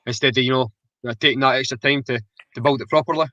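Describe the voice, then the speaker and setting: A man's voice: mid-range voice, steady tone, brisk, dry recording, highs cut off. A man who works as a bricklayer, a guest on a talk show, complaining emphatically about shoddy work. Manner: emphatic, loud bursts.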